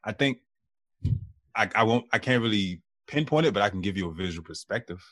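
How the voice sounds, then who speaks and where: A man speaking as a podcast guest, relaxed and teasing, drawing out his descriptions. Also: on the low side, brisk, dry recording. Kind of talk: casual chat.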